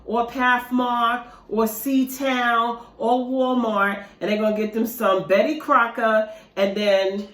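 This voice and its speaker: A woman's voice: fairly high pitch, little pitch movement, slow pace, hardly any pauses, fairly bright tone. A woman chatting casually to her viewers in an eating vlog, addressing them directly in a talkative, loose way. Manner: chatty, talks straight to viewers with "y'all". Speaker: mukbang vlogger. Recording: roomy echo.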